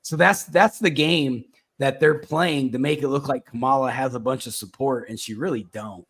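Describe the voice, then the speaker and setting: A man hosting a casual political talk show, rambling in a halting way with lots of fillers and restarts. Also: mid-range voice, a bit bright, husky. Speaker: podcast host.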